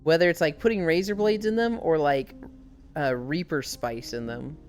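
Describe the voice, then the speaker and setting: Foul-mouthed woman streamer, lowish voice. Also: moderate pace, faint music behind. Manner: swears freely, animated storytelling. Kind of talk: casual chat while walking.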